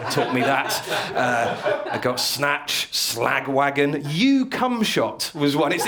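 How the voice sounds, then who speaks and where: A man giving a stand-up comedy lecture to a live audience, telling stories in a dry, wry way and chuckling at his own lines. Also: medium pitch.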